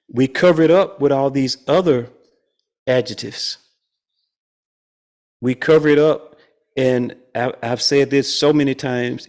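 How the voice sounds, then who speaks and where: Gravelly man leading a spiritual study group. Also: medium pitch. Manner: chuckles often, animated and playful. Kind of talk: conversational spiritual teaching.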